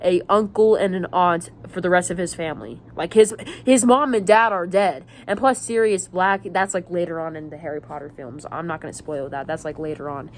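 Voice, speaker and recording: A woman's voice: lowish voice, a little fast, few pauses, slight background noise. A woman vlogger talking casually to her viewers, rambling and repeating herself with many restarts. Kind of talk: casual rambling vlog talk.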